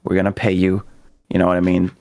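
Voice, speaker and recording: A man's voice: low-pitched, monotone, quick pace, gravelly, a little mellow, no echo. A man playing in a tabletop game, chatting in a playful, persuasive way. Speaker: player.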